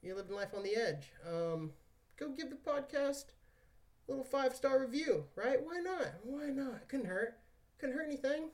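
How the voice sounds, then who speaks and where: Far from the mic, a podcast host with an extremely high, gravelly voice talks at a moderate pace, animated despite being out of breath after squats. His manner is laid-back and jokey, with casual swearing here and there.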